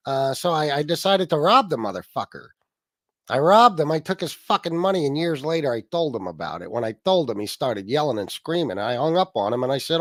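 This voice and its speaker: A man's voice: mid-range voice, big pitch swings, brisk, gravelly, a bit bright, dry recording, clean studio sound. A man hosting a livestream, giving a rambling, profane commentary full of fillers. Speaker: livestream host. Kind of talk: ranting commentary.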